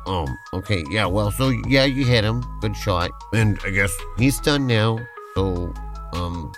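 A man's voice: on the low side, unhurried, music in the background. A man hosting a podcast and narrating a playful tabletop-style role-play adventure as game master, in an easygoing, rambling way.

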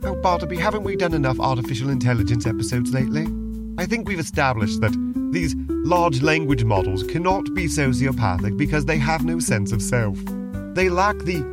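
A man's voice: medium pitch, expressive, fairly quick. A man co-hosting a comedic role-play podcast, fussy, prim and reluctant in his banter, over background music. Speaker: podcast co-host. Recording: music playing behind.

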